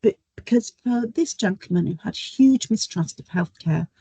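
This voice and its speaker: A woman's voice: mid-range voice, expressive, moderate pace, mellow, slightly rough, no echo, poor audio. A middle-aged woman, talking through a webinar as a nurse educator in a chatty, storytelling way with frequent ums, over a video call. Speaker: guest speaker, nurse educator. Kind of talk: webinar talk with anecdotes.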